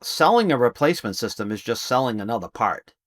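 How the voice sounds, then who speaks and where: A man's voice: mid-range voice, sing-song, brisk, no room sound, clean studio sound. A middle-aged man, a business trainer, talking casually and emphatically as a podcast guest. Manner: emphatic, salesman-like storytelling. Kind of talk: casual interview talk.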